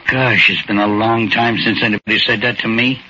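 A man's voice: on the low side, flat delivery, fairly quick, pushed and bright, a little hiss or hum. An actor playing a timid, grateful down-and-out man who stammers and hesitates, in 1940s radio acting. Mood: humble. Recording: dull old radio recording.

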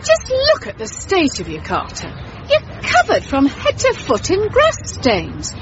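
A prim, scolding young wife in a radio comedy, her high voice swooping wildly. The lo-fi broadcast carries a clear crowd and outdoor noise behind her. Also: wildly swooping pitch, unhurried, full character voice. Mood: indignant. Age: young adult. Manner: shrill, indignant scolding.

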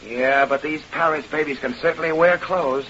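An actor playing a brash young vaudeville dancer who talks in slangy, ungrammatical street speech, in 1930s radio-drama style. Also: male voice, on the high side, steady tone, normal speed, fairly bright tone, natural voice. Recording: dull, hissy old radio transcription.

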